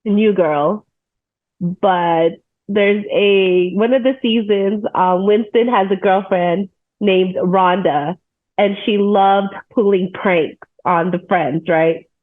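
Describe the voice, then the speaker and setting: A woman's voice: medium pitch, steady tone, slow. A woman co-hosting a casual podcast chat over a remote call, laid-back and laughing often. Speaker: podcast co-host. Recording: tinny call audio.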